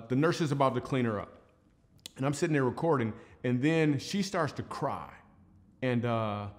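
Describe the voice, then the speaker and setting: A man doing family-friendly stand-up comedy, telling a loose, chatty story with asides and turning quiet and earnest toward the end. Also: medium pitch.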